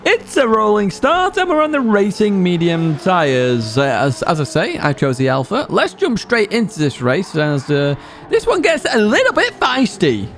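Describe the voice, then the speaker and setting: A man's voice: sits high, big pitch swings, moderate pace, hardly any pauses, a little hiss or hum. A man hosting a racing game guide, giving upbeat, instructive commentary with jokey asides. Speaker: gaming channel host. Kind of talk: race guide commentary over gameplay.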